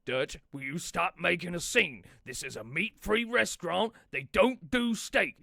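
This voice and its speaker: Arthur, a man doing a weary gruff gunman. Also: high voice, expressive, a little slow, sharp tone, no echo, clean studio sound, exaggerated voice. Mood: exasperated. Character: weary, exasperated male outlaw gunman. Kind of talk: comedic improvised impression.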